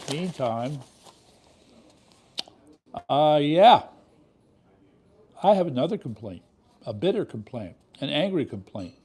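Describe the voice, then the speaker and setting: A man's voice: mid-range voice, mellow. A man hosting a political commentary show, talking in an indignant, emphatic way full of rhetorical questions. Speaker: show host.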